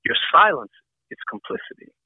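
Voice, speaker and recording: A man's voice: brisk, dry recording. An older man speaking as an interview guest, reflective and emphatic, piling up repeated lists to drive his points home. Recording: dry tinny phone-like line.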